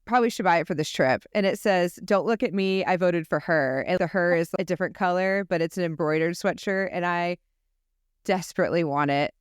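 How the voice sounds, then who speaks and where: A woman's voice: lowish voice, fairly quick, smooth, dry recording, studio quality. Blunt, profane young woman co-host. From United States. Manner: blunt, profane, self-deprecating. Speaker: podcast co-host. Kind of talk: casual chat.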